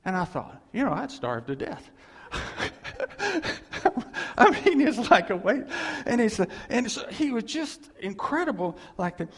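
A man preaching in a storytelling sermon style, animated and laughing as he acts out what others said to him. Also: sits high, measured pace. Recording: long hall reverb.

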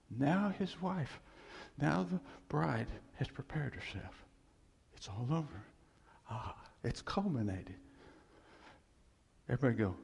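Husky-voiced man preaching in a hall. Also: fairly high pitch. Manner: animated, chuckling preacher who acts out voices. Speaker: pastor. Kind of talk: sermon.

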